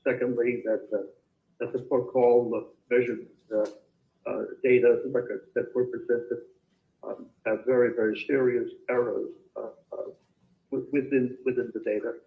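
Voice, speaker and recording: A man giving expert testimony over a video call, hesitant and halting, filling gaps with many pauses. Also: medium pitch, flat delivery, vocal fry. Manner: hesitant, halting, full of fillers. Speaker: expert witness. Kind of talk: remote court testimony. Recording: tinny echoey video call.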